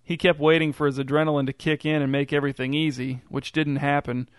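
A man reading a short story aloud in an even, unhurried storytelling delivery. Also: a little high, clean tone, dry recording, studio quality. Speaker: narrator. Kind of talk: scripted story narration.

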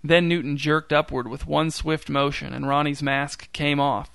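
A man narrating a short story in a dry, deadpan storytelling manner. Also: on the high side, normal speed, creaky, clean tone, no room sound.

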